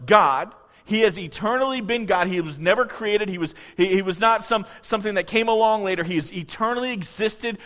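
A man preaching a sermon, animated, swinging between soft, quiet stretches and loud outbursts. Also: high-pitched. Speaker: pastor. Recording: long church-hall reverb.

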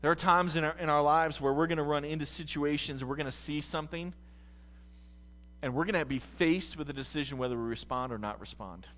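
A man from the States preaches as pastor, drifting from quiet thought into loud fervor and back. His voice is on the high side, he speaks a little fast, and the recording has a big-room sound.

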